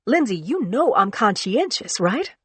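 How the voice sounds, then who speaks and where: A woman's voice: a little high, sing-song, unhurried, fairly bright tone, husky, no room sound, pitched above the performer's own voice, heavily acted. Woman reader playing a frightened woman doctor: tearful, shaky, pleading, dry close read. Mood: anxious.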